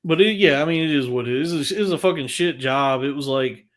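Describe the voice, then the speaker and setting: Crude, fast-swearing man telling stories. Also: a little high. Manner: crude, profanity-heavy storytelling; animated, frequent restarts. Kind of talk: casual podcast chat.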